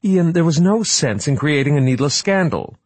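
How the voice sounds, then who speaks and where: A man voicing a frantic female public relations director who pleads and accuses in a desperately bright way. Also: a little high, very animated, normal speed, slightly rough, no echo, pitched above the performer's own voice. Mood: accusing.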